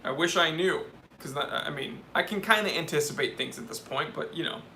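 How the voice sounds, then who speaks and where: A man's voice: on the high side, brisk, pushed and bright, slight background noise. A young man hosting a live watch Q&A stream, reading viewer questions and giving candid, joking opinions.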